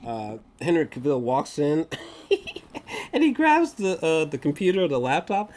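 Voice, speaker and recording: A man giving a casual, rambling movie review, excitable and slangy, often laughing. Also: mid-range voice.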